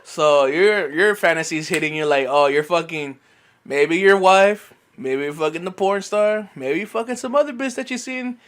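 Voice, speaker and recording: A man's voice: fairly high pitch, normal speed, a bit bright. A man co-hosting a casual podcast, joking crudely and calling people bro. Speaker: podcast co-host.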